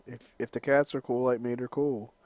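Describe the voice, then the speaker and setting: A man's voice: medium pitch, flat delivery, normal speed, a little mellow, no room sound. A man vlogging in a casual ramble, profane and joking as he goes. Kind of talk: casual rambling vlog talk.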